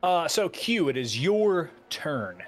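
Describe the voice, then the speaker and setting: A man's voice: on the high side, sing-song, takes it slowly, faint music behind. Easygoing male dungeon master. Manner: hesitant, filler-heavy, laughs easily. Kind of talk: casual tabletop game narration.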